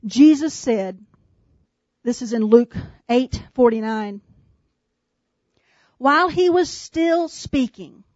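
Woman preaching, high voice, slow deliberate delivery, dry slightly dull sound. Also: no room sound. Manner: shifts from brisk asides to slow, hushed emphasis; addresses congregation members by name. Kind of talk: sermon.

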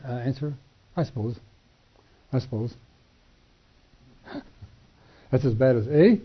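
An older man telling a personal testimony, acting out the dialogue with animated shifts in voice and chuckling between lines. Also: medium pitch, slightly rough. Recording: dull lo-fi recording.

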